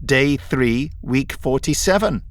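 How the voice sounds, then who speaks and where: A man's voice: medium pitch, animated, slow, no echo. A man voicing a sleepy but stubborn male communications technician, raised and insistent. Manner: insistent, dogged.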